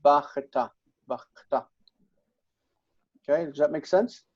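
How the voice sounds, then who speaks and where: Give me a patient male tutor on a dull-sounding video call, slightly higher voice, walking students through grammar step by step. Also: slow, darkish tone. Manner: patient, checks understanding often with "okay". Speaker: Biblical Hebrew teacher. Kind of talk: online tutoring session.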